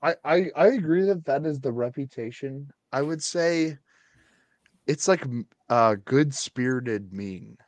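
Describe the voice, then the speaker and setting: A man's voice: medium pitch, expressive, unhurried, dry recording. A man co-hosting a podcast, chatting casually in a laid-back way with stumbling restarts. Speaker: podcast co-host. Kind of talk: casual sports chat.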